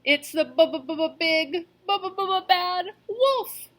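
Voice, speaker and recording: A woman's voice: very high-pitched, lively intonation, extremely slow, a bit bright, voice pushed up, exaggerated voice. A woman voicing a nervous little male pig who stutters and trembles in a storybook reading. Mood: frightened.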